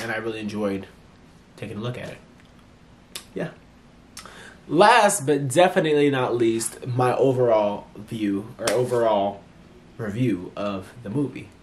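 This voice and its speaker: A man giving a casual movie review vlog, chatty and animated, full of fillers and restarts, acting out characters' lines in playful voices. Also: medium pitch, background noise.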